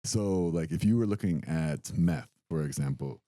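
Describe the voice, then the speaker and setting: A man's voice: rumbling low, normal speed, dry recording. A young adult man co-hosting a podcast, telling a story in casual chat and acting out the quotes. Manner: animated storytelling, acts out quotes. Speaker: podcast co-host.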